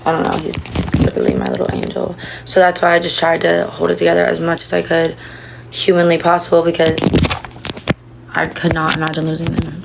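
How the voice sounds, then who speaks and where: Young woman, low gravelly voice, rambling and emotional, livestreaming from home on her phone. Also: little pitch movement, a little fast, heavy background noise. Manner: rambling, emotional, many fillers. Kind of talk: confessional casual talk.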